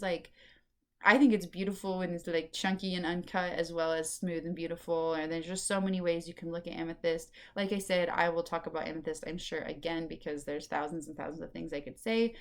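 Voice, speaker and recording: A woman's voice: on the low side, darkish tone. A woman hosting a casual solo spirituality podcast, chatty and meandering, with lots of fillers. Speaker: podcast host and intuitive reader.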